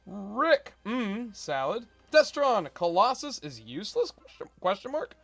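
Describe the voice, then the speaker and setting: A man's voice: sits high, very animated, unhurried, gravelly, fairly bright tone, no echo. A man co-hosting a casual gaming stream, explaining the game and reading chat aloud. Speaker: streamer, co-host.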